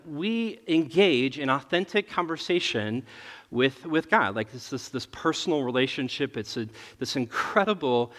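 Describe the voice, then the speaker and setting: Guy in his 30s preaching casual, laughy storytelling sermon, long echo off a big church room. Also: medium pitch. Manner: relaxed, chatty, often laughing at his own story. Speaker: pastor. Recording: long reverb of a large hall.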